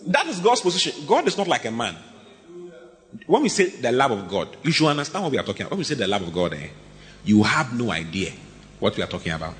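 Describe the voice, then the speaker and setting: Preacher guy going up and down a lot, loud bits and quiet bits, big echoey hall. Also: fast talker. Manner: animated, swings from low murmurs to high shouts. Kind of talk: sermon. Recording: long hall reverb.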